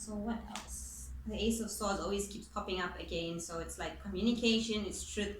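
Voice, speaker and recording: A woman gives a relaxed, chatty tarot reading in an informal way, now and then letting a swear word slip. Her voice sits at an ordinary middle pitch. It rings in an echoey room over a faint hum of ambience. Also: normal speed. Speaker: tarot reader. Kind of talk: casual spoken tarot reading.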